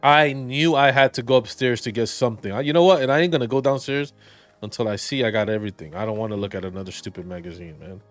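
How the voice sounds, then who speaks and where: A man's voice: mid-range voice, fast talker, no room sound, soft background music. A man giving rambling, jokey let's play commentary and reading the game's dialogue aloud. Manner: rambling, jokey, reads game text aloud. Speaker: gaming video commentator.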